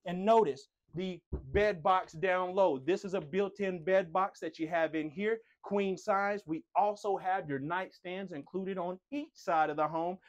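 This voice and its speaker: A man with a fairly high voice leads a walk-through of a home. He talks like a playful showman, cracking jokes and bragging about himself as he goes. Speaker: tour host. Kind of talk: enthusiastic home tour presentation.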